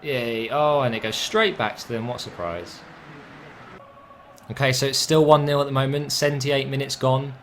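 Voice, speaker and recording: Excitable young man gaming. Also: medium pitch, moderate pace, a little hiss or hum. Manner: excitable, swearing, frustrated outbursts. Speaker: gaming commentator. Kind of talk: casual game commentary.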